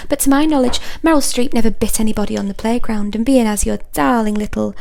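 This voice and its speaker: Woman playing a gravelly, sharp-tongued hotline auntie. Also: a little high, fast, a little hiss or hum. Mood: scolding. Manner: sugary to callers, scathing insults to customers. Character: brash middle-aged female hotline auntie, sharp-tongued. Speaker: hotline operator. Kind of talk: comedy sketch character monologue.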